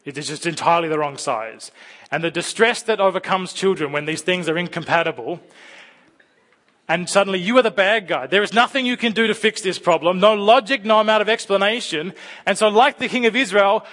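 A man in his thirties preaching a conversational sermon, telling stories and breaking into loud dramatic bursts. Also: high voice, fairly quick. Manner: chatty, storytelling, with sudden loud dramatic bursts.

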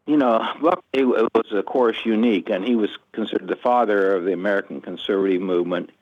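A man's voice: lowish voice, fast talker. Older guy being interviewed, earnest and thoughtful, sound kinda dull and muffled. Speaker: guest author. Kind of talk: conversational interview answers. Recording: muffled lo-fi audio.

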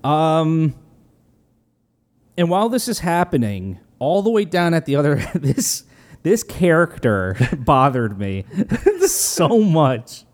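A man's voice: a little high, sing-song, slow. A man in casual chat, recounting a film scene hesitantly, with many fillers and restarts.

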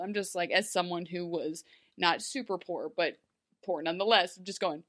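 A woman's voice: fairly low pitch, moderate pace. A woman in her thirties co-hosting a casual chat, laughing often and acting out quotes in shifting voices. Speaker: podcast co-host.

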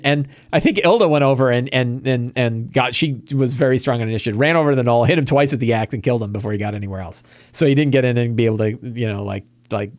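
Offering game-master prep advice, this host has a medium-pitched voice and no room sound behind him. He casually tells the story of a tabletop session with lively delivery, voicing the players and frequently starting his sentences over.

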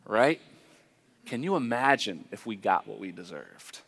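Bright-voiced man preaching in a hall. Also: fairly low pitch, lively intonation, a little slow, gravelly. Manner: earnest, conversational preaching with restarts. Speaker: pastor. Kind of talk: sermon.

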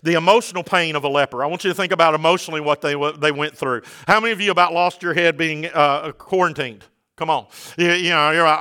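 High bright-voiced preaching man. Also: fast talker, smooth. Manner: conversational preaching that builds to shouted exhortation. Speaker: pastor. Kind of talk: sermon.

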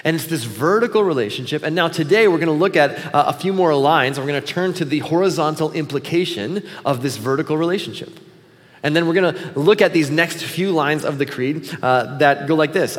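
A man's voice: on the high side, fairly quick. A man preaching a sermon as pastor, in a conversational way with frequent filler words. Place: church sanctuary. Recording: long hall reverb.

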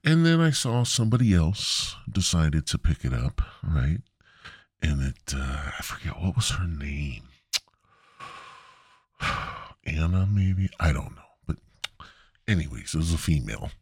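A man with a very deep, husky voice rants through a comedic story, swearing constantly. His pitch swings widely as he plays up mock outrage. The recording is dry and close. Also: very animated, unhurried, long pauses, dry recording. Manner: profane, heavy swearing. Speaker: podcast host.

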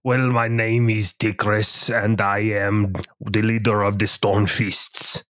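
A man's voice: lowish voice, flat delivery, fairly bright tone, no echo, clean studio sound. A man hamming up a boastful giant clan chief. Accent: over-exaggerated made-up mountain clan accent. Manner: boastful, halting. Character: huge boastful male axe-wielding clan leader.

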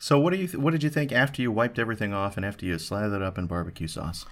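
A man's voice: lowish voice, rapid-fire, fairly bright tone. A man hosting a casual food review podcast, playful and theatrical, full of puns. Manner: playful, punning, theatrical storytelling. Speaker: podcast host.

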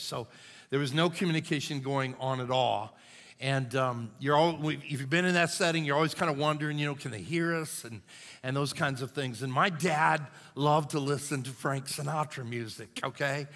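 A middle-aged male pastor tells stories from the pulpit in an easygoing, folksy way. His voice sits a touch high and bright. It rings out with the long echo of a large church hall. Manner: folksy and conversational, says "man" a lot. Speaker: lead pastor. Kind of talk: storytelling sermon. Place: church sanctuary.

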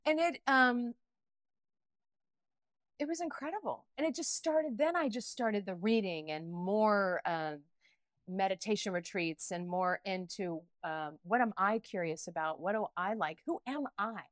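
A middle-aged woman talks candidly as an interview guest. Her delivery is animated and emotional, with many restarts and bursts of laughter. The sound is dry and close. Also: mid-range voice, measured pace, no echo. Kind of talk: candid personal interview talk.

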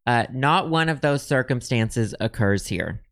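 A man's voice: medium pitch, animated, a little slow. A man co-hosting a casual podcast chat, reading old testimony aloud with a lifted, dramatic delivery. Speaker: podcast co-host.

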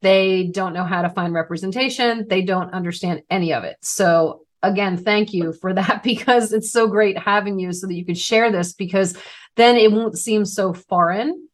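A woman's voice: mid-range voice, moderate pace. Enthusiastic woman podcast host. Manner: enthusiastic, long explanatory turns. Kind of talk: casual interview.

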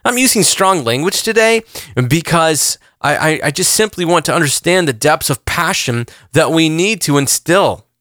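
A man in his forties preaches with earnest intensity, circling back on phrases and pressing his questions. His voice sits a little high and rings with a tense, forceful brightness. The sound is dry and close. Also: lively intonation, normal speed, no room sound. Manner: earnest, repeats himself, rising emphasis on questions. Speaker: pastor. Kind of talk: impassioned sermon.

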